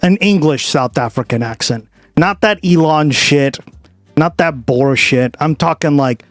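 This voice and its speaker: Animated, foul-mouthed male livestream host. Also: mid-range voice, no echo. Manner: animated, profane, chatting with viewers. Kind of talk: casual stream chat.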